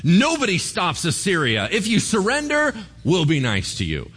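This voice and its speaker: A man voicing a blustering enemy commander who shouts threats and boasts at defenders on a wall. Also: lowish voice, very animated, measured pace, gravelly, slightly rough, in a large hall, pitched below the performer's own voice, exaggerated voice. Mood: taunting.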